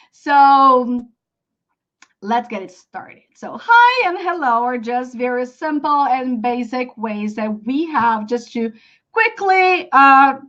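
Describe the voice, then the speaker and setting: A woman's voice: high voice, expressive, slow, a bit bright. A Brazilian woman with a Portuguese accent teaching a live online English lesson, chatty and full of fillers. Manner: chatty, explains with many fillers and apologies. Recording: dull lo-fi stream audio.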